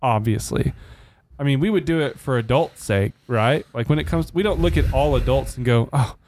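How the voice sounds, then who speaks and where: A man's voice: mid-range voice, moderate pace, no room sound. Podcast guy in his 30s telling a story, acts out the quotes, dry close mic. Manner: animated storyteller acting out quotes. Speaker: podcast co-host. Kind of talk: casual storytelling chat.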